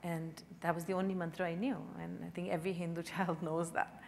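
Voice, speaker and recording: A woman speaking on a panel, telling gentle stories with soft chuckles. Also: on the low side, level tone, brisk, gravelly. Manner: gentle storytelling, chuckles softly. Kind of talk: panel discussion. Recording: hall reverb, faint noise.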